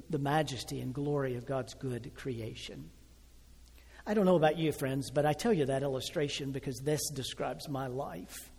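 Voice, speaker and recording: A man in his sixties preaching a sermon, telling a personal story with feeling, swelling loud and then dropping soft and slow. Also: on the high side, husky, big-room sound. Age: 60s. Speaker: pastor.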